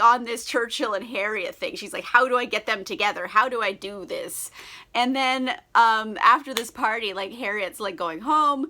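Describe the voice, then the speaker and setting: A woman's voice: fairly high pitch, bright, forceful tone. A young woman in a casual book vlog, tipsy, sarcastic and swearing freely as she rants about a novel. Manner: sarcastic, profane and giggly. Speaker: book vlogger. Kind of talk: casual book review chat.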